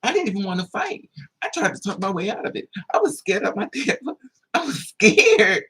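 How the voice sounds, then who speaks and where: A husky, breathy voice tells a story straight to camera in a loose, casual way. The delivery is animated: the quotes of other people jump into high, squealing voices, then drop back to a middle-pitched, easy narrating tone. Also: fast talker. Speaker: vlogger.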